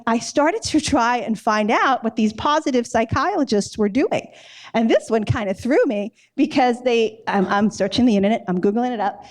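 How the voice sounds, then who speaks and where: A woman from New York giving a lively, conversational storytelling talk as a company CEO at a live event. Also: fairly high pitch. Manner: lively, chatty, acts out dialogue with "I'm like". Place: live event in a loft space.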